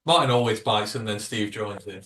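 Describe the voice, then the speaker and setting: A man's voice: lowish voice, fairly quick, fairly bright tone, distant mic. A man co-hosting a casual live fan show and bantering with the other hosts. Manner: teasing, banter-driven. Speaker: podcast co-host. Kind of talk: casual live-stream chat. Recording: roomy and off-mic.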